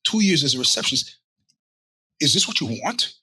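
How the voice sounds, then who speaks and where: A man's voice: fairly high pitch, lively intonation, fairly quick, pushed and bright, breathy edge. A middle-aged man hosting a podcast, telling stories in a casual, profane monologue and acting out the voices of the people he quotes. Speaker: podcast host.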